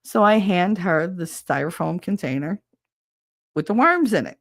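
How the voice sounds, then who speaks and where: A woman's voice: fairly low pitch, lively intonation, normal speed, dry recording, studio quality. A middle-aged woman hosting a stream, telling a funny story in a casual, profane way and mimicking other people with squeals. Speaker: stream host.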